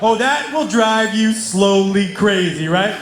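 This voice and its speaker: A middle-aged man doing stand-up, telling stories in an animated way, laughing and acting out quotes with loud yelps. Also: high-pitched, takes it slowly. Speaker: stand-up comedian. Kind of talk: stand-up storytelling. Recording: echoey venue with background noise.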